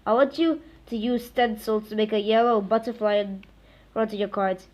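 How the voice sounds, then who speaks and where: A woman's voice: mid-range voice, steady tone, moderate pace, a little mellow, close to an everyday voice. A woman voicing a strict, grumpy older female teacher from a storybook, barking harsh orders at her class. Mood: bossy. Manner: snapping, harsh commands.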